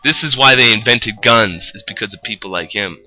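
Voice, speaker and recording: A man's voice: fairly low pitch, fairly quick, low-quality recording. A young man telling a rambling, profane story about his job as a roofer, in casual chat. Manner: rambling, profane, animated retelling.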